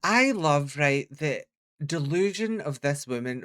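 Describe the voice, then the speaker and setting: A man's voice: a little high, lively intonation, slow pace, noisy background. A man with a Scottish accent chatting casually as a reaction video host, with jokey asides and frequent laughs.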